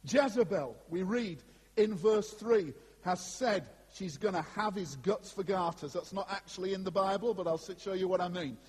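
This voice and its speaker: A man preaching a sermon to a congregation in an animated, conversational way, with asides to his listeners. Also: high voice, moderate pace, slightly rough. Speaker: pastor. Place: church before a congregation. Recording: long hall reverb.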